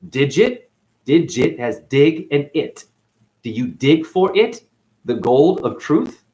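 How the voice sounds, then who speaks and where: A man hosting a rambling esoteric monologue, jumping between wordplay and sudden loud and soft swings, calling his listeners honey. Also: fairly high pitch, very animated, takes it slowly. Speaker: channel host.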